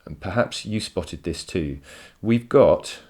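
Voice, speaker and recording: A man's voice: low-pitched, animated, takes it slowly, a little mellow. A male teacher giving a recorded poetry lesson from home, enthusiastic and explanatory, often repeating words as he thinks.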